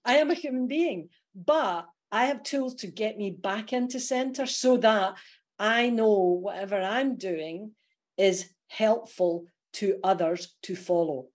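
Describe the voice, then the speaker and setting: Scottish female coach, guest in a casual podcast interview, energetic and laughing often. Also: medium pitch, a little slow. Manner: lively, laughs often while explaining.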